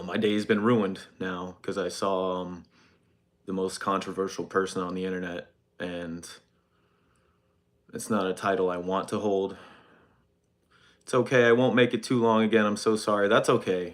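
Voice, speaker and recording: Reading the chat on a phone livestream, a young man offers a deadpan, mock-sincere apology in a halting, hesitant way. His voice sits low.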